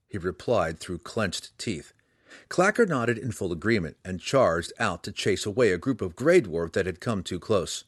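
A man narrating a fantasy audiobook in an expressive, dramatic reading. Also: deep voice, normal speed, no echo, clean studio sound.

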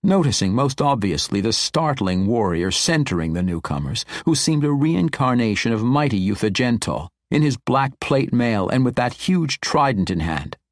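A man narrates a fantasy audiobook in a steady, measured storytelling style. His mid-range voice is captured with studio quality and no room sound.

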